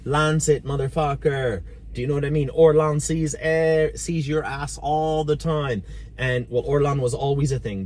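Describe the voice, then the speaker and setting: A man's voice: medium pitch, a little mellow, a little hiss or hum. A man talking in a casual sit-down conversation, blunt and ranting, swearing freely. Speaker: volunteer driver and channel host.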